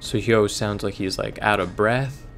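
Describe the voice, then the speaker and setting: A man's voice: fairly low pitch, normal speed, creaky, fairly bright tone, soft background music. A man hosting a let's play, rambling, joking and swearing in casual gameplay commentary. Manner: rambling, joking, profane, puts on silly voices.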